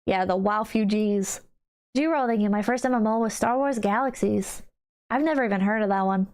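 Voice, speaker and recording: A woman's voice: medium pitch, normal speed, darkish tone. A woman streamer chatting casually with her viewers, blunt and wry, with frequent swearing. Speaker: streamer reading chat. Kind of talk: casual livestream chat.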